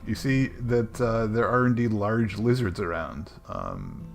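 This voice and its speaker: A man's voice: on the low side, lively intonation, measured pace, creaky, faint music behind. A man narrating a tabletop game as game master, hesitant and full of ums.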